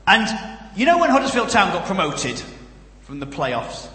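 A man with a Northern English accent preaching a comic sermon, telling jokey stories with lively asides. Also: high voice, normal speed, roomy sound, big-room sound. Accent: generic Northern English. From Northern England. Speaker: guest preacher and comedian. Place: church.

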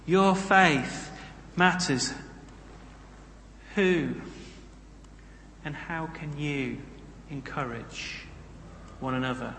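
A man's voice: on the high side, slow pace, pauses often, fairly bright tone, a little hiss or hum. A man preaching a sermon in a conversational way, with humorous asides. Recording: echoey hall, roomy reverb.

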